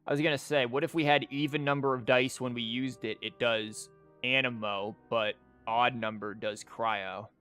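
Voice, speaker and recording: Theorycrafting out loud on his live stream, this streamer and teacher talks in a casual, rambling way, stuffed with "like" and false starts. His medium-pitched voice is smooth and a bit bright, with fairly even intonation at a moderate pace, over faint background music.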